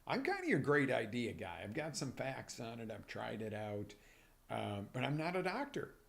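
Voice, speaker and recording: Gravelly energetic motivational coach man. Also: medium pitch, normal speed. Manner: energetic, animated, drops to whispers then surges loud. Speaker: life coach and show host. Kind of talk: live motivational talk. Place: broadcast live on social media.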